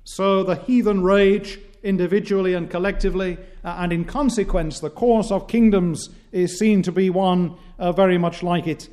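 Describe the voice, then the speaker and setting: A man preaching a sermon in a measured, declamatory way, with frequent "uh" pauses between phrases. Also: high-pitched, fairly even intonation, dark tone.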